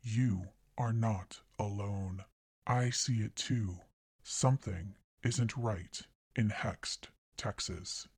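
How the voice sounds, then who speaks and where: A husky, ominous voice that hijacks the airwaves, dragging out each word slowly, as a man plays it. The pitch sits low and the sound is dry and close, with no room around it. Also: dry recording. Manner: slow, ominous, deliberate. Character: mysterious man cutting into a radio broadcast.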